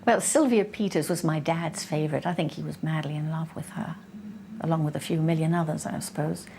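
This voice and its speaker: A woman being interviewed, recalling her childhood with lively, self-mocking humour. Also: low voice, a little fast, a little hiss or hum. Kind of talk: nostalgic interview.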